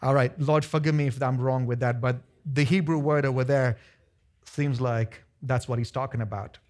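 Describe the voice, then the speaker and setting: A man pastor preaching a lively sermon to his church, acting out voices of the people in his stories. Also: medium pitch, moderate pace. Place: church sanctuary.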